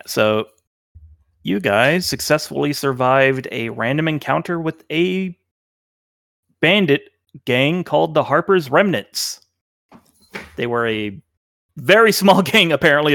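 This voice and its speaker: A man narrating as game master, relaxed and rambling with many fillers. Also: a little high, a little slow, vocal fry, pauses often, no echo, studio quality.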